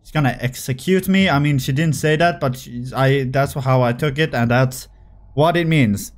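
A young man giving casual, jokey commentary while playing a horror game, excitable and swearing freely. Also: mid-range voice, normal speed. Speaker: gaming video creator. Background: faint game music.

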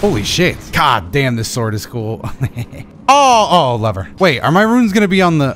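A man giving excitable, profane let's play commentary, bursting into yelps and laughter as he plays. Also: a little high, normal speed, a little hiss or hum. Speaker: gaming video creator.

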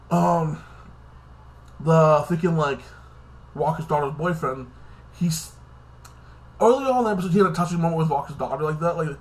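A man casually recapping a TV episode in a rambling way, tacking "like this" and "like that" onto his sentences and swearing now and then. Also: a little high. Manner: rambling, fills with "like this" and "like that". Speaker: TV episode reviewer.

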